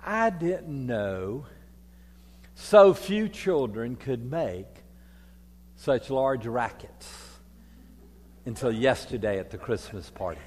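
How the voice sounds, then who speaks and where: An older man, preaching a folksy sermon as priest, moving from quiet reflection to loud storytelling. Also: medium pitch, lively intonation, slow, long pauses, slight background noise. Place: church. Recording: long reverb of a church hall.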